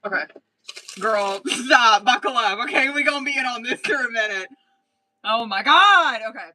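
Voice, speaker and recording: Excitable, foul-mouthed woman tarot reader. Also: a little high, a little fast, low-quality recording. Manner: excitable, heavy swearing, talks straight to a viewer. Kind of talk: live-stream tarot reading.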